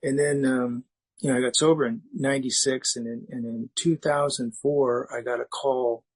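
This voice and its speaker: Husky middle-aged man sharing his story. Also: mid-range voice, fairly even intonation, low-quality recording. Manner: halting, candid storytelling with many restarts. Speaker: speaker sharing at a recovery meeting. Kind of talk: personal recovery share.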